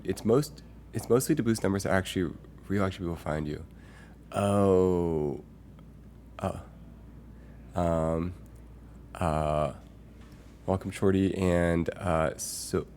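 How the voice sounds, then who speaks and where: A man with a very low voice chats casually on a live stream, musing aloud and rambling through filler words. He reads viewers' messages out loud as he goes. Faint noise sits under his voice.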